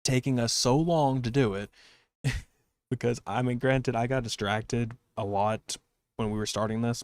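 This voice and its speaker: A man's voice: mid-range voice, fairly even intonation, unhurried, darkish tone, no echo. A young man hosting a casual podcast, rambling and self-deprecating, with a slight lisp. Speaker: podcast host and streamer.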